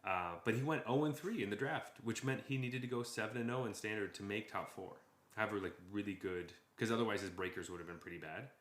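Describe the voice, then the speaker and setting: Enthusiastic low-voiced man, roomy echo. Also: fast talker. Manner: excitable, enthusiastic, laughs often. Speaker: podcast co-host. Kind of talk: casual chat.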